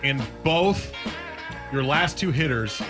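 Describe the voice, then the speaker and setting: A man's voice: on the high side, lively intonation, takes it slowly, music in the background. A man hosting sports radio, joking and teasing in casual banter.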